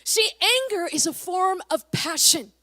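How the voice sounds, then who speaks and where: A woman pastor from Canada preaching a sermon, energetic and emphatic, reading scripture slowly and dramatically. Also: extremely high pitch, dry recording, clean studio sound.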